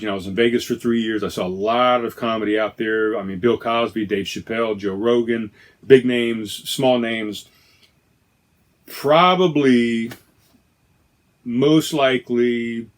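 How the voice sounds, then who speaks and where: A man hosting a podcast on his own, chatting casually and enthusiastically, often restarting and correcting himself. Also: lowish voice. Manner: rambling, self-correcting, enthusiastic. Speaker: podcast host. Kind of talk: casual solo podcast chat.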